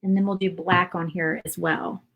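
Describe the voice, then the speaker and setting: A woman hosting a casual painting tutorial. She is chatty and rambles, thinking out loud with fillers and little asides. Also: on the low side, little pitch movement, moderate pace, narrow, tinny audio. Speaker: craft channel host.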